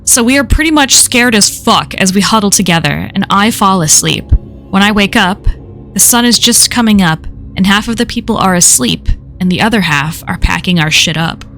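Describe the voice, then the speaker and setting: A woman's voice: medium pitch, lively intonation, moderate pace, a bit bright, faint music behind. Woman reading a horror story aloud. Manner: casual first-person storytelling with frequent swearing. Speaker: story reader and streamer.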